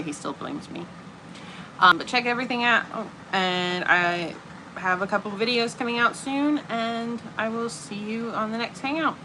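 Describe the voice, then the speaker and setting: A woman's voice: mid-range voice, background noise. A young woman hosting a casual stream, telling stories and laughing often. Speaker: streamer host. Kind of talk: casual chat. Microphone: earbuds.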